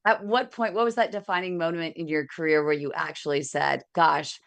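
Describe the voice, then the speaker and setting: A woman's voice: deep voice, fairly even intonation, brisk, vocal fry, no room sound. A woman hosting an interview, asking long, chatty questions with a self-deprecating manner. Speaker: interview host.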